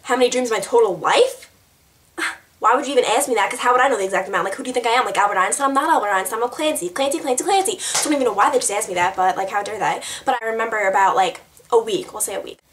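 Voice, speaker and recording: A woman's voice: a little high, rapid-fire, fairly bright tone. A young woman chatting to camera in a rambling, giggly way, answering tag questions. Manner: bubbly, rambling, giggly, lots of "like". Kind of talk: casual chat to camera.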